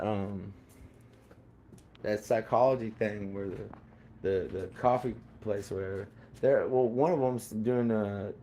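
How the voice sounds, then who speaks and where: Rambling man, dark voice. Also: fairly low pitch, a little hiss or hum. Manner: rambling, repetitive, many fillers and restarts. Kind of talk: rambling casual monologue.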